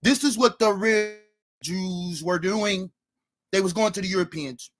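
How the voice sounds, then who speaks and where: In a debate, a man with a somewhat high voice argues his case, reading quotations from books to back his points. His delivery is steady, argumentative and a little slow.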